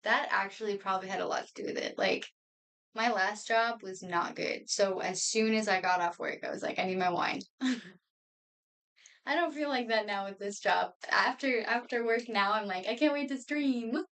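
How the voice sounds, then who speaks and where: A woman's voice: medium pitch, normal speed, fairly bright tone, far from the mic. A woman in her twenties chatting casually to her live stream viewers at home, rambling and laughing often. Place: home room.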